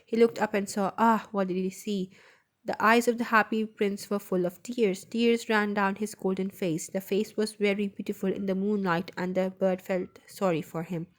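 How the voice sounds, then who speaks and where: A woman's voice: medium pitch, fairly even intonation, normal speed. A woman reading a children's story aloud as a voice-over, carefully and with small slips and restarts.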